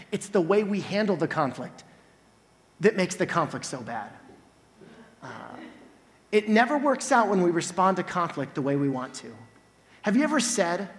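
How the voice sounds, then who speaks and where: Animated male pastor in a reverberant hall. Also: high voice. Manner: animated storyteller, acts out scenes loudly. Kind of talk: sermon with personal storytelling.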